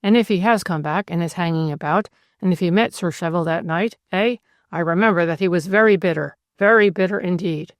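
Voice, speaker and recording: A woman's voice: fairly low pitch, a little fast, few pauses, dry recording, natural voice. A woman voicing an older male magistrate who talks in a sly, dry, confidential way.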